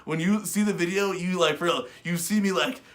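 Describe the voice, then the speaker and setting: A man casually telling stories as co-host of a webshow, animated and swearing, with loud bursts. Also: high voice, brisk. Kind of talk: casual storytelling chat.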